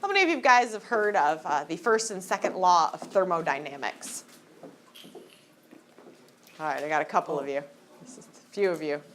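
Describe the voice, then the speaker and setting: A woman teaching a high school class in a classroom, lecturing in a joking, teasing way and throwing questions at the students. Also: animated, moderate pace, long pauses, fairly bright tone, slight background noise.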